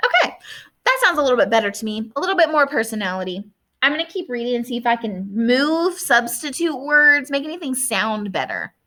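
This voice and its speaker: Woman teacher with a high, bright voice, talks kids through editing in a friendly way. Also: sing-song, a little fast. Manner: friendly, thinking aloud while reading her own essay. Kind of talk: classroom lesson for children at home.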